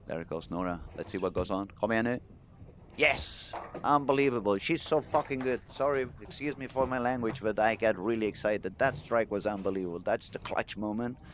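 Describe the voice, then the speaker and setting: A man commentating live on a bowling tournament, excitable and chatty, talking straight to the viewers in the chat. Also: on the low side, a little hiss or hum.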